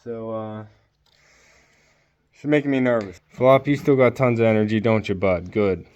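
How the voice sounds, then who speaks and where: A man vlogging from his homestead, talking softly and worriedly to a sick goat at the pen. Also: lowish voice, steady tone, moderate pace, dull audio, a little hiss or hum. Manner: soft, worried, talks gently to his goats. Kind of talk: casual vlog with animals.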